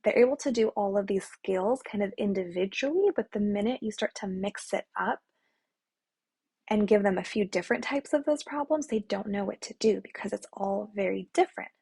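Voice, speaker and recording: A young woman math tutor speaks to parents in a husky, slightly breathy voice at a mid pitch. She talks earnestly and plainly, restarting sentences and checking in with a quick "right?" along the way. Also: mellow. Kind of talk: talking-head explainer to parents.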